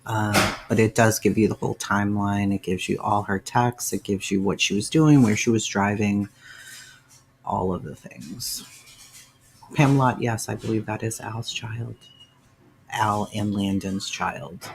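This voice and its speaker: A man's voice: fairly low pitch, fairly even intonation, unhurried, gravelly, a little hiss or hum. A man hosting a casual livestream, answering viewers' chat by name and sounding emotional and sighing as he talks. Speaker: livestream host.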